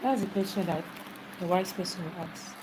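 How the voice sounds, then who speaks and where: A woman's voice: lowish voice, normal speed, noisy background. A woman chatting and teasing her family on a casual live stream, now and then singing to herself. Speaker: vlogger.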